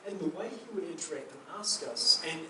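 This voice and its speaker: A middle-aged man recalling a moving experience in a slow, earnest, wonder-struck way. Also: on the high side, lively intonation, pushed and bright. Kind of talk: casual reminiscing. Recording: echoey room, distant mic, background noise.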